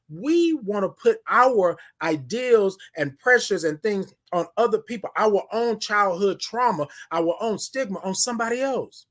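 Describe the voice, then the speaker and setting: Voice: mid-range voice, a bit bright. A livestream morning show host giving an emphatic motivational talk, repeating key phrases and greeting viewers by name. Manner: talks straight to viewers and greets them by name.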